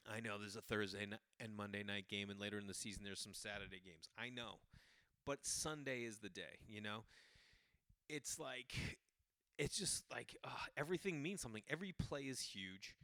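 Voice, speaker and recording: A man from the Boston area hosting a podcast, telling casual comic stories in an animated, chatty way. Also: lowish voice, moderate pace, no room sound, studio quality. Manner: animated, jumps into quoted voices, loose and chatty. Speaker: podcast host.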